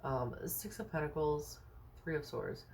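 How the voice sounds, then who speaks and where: A woman's voice: sits low, measured pace, creaky, a little mellow, a little hiss or hum. Chatty woman musing through a tarot reading. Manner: thinks aloud, musing with many fillers and rhetorical questions; chatty and reassuring toward the viewer. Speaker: tarot card reader. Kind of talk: casual tarot reading to camera.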